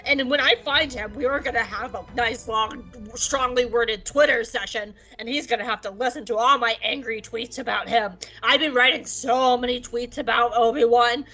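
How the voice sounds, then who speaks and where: A woman voicing a petulant, obsessed male dark lord who rants about his enemy. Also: a little high, moderate pace, few pauses, soft background music, low-quality recording. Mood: ranting. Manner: ranting, petulant.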